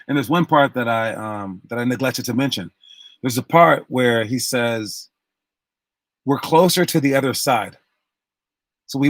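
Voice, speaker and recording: A man's voice: mid-range voice, no room sound. A man working as a basketball coach, giving a motivational talk to his players and retelling a story with acted-out quotes and frequent restarts.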